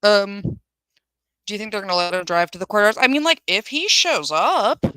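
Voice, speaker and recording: A woman hosting a live show in a blunt, sarcastic voice that stays in a middle pitch. She swears freely and chats straight back to viewers. The sound is dry and close, with no room around it. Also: very animated, normal speed, sharp tone, clean tone, no room sound, low-quality recording. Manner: chatty, reads viewer comments aloud. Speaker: host of a firearms channel. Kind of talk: casual live commentary.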